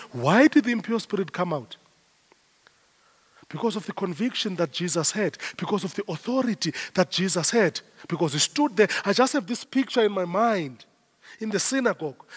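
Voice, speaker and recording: A South African man preaching a sermon as pastor, emphatic and repeating his phrases in rising waves. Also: sits high. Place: church. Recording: long church hall reverb.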